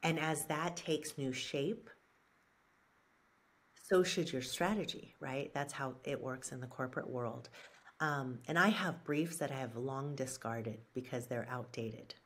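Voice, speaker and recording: A woman guest, a brand strategist and author, giving measured and earnest answers in an interview, pausing with fillers and restarts. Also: extremely low pitch.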